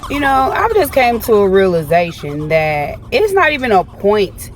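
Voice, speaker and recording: A woman's voice: medium pitch, sing-song, moderate pace, a little hiss or hum. A woman giving casual advice to the camera, exasperated and repeating her point.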